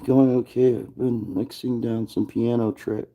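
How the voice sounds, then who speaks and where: A man's voice: mid-range voice, flat delivery, measured pace, warm tone. A man hosting a casual livestream from his garage, talking in a rambling, laid-back way and swearing often. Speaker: livestream host.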